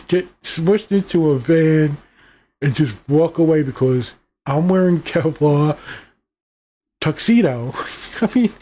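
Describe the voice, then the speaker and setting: A man's voice: a little high, dark tone. Profane, exasperated man ranting about a movie. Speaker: movie reviewer. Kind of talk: casual ranting review.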